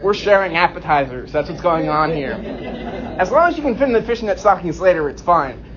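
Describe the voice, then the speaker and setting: A man in his late twenties doing a self-deprecating stand-up set with deadpan punchlines on a comedy club stage. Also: sits high, fairly quick, crowd noise. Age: 20s. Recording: dull lo-fi recording.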